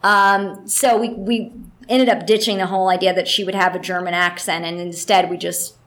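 A woman voice actress telling stories in a casual interview, chatty and animated, with plenty of fillers. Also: fairly low pitch, normal speed.

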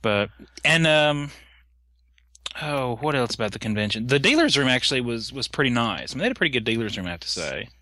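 Guy rambling on a podcast, bright tone, dry close sound. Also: mid-range voice, lively intonation, no echo. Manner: rambling, halting, lots of restarts. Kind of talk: casual chat.

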